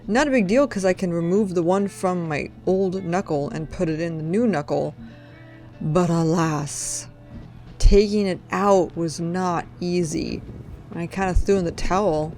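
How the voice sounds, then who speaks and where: A woman's voice: on the low side, measured pace, a little mellow. Chatty woman car-repair vlogger. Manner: chatty and rambling, jokey asides. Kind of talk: casual chat. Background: background music.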